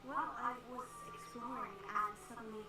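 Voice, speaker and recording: A woman voicing a polite young fifth-year student who calmly tries to smooth things over in a video game. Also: medium pitch, moderate pace, natural voice. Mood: placating. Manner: calm, conciliatory. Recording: echoey distant game audio with loud music.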